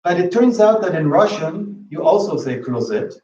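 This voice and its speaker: A man's voice: high-pitched, normal speed, darkish tone. A man giving an academic linguistics talk, hesitant, often repeating words as he thinks. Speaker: linguistics lecturer. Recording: roomy, distant, dull lecture-room recording.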